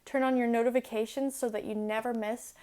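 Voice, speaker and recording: A young woman explaining grammar step by step, patient and clear, in a video lesson. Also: on the high side, fairly even intonation, a little fast, mellow. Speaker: Irish language teacher.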